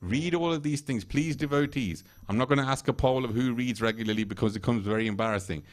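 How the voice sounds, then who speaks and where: A man's voice: mid-range voice, fast. A man giving a temple sermon in a conversational way, laughing often and acting out quoted voices. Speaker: temple speaker. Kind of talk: sermon retelling scripture stories. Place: temple hall.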